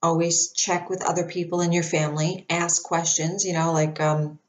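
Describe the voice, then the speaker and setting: Woman, lowish voice, chatty storyteller to camera, dry throat, lots of fillers. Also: moderate pace. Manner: chatty, animated, many fillers and restarts. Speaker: psychic medium.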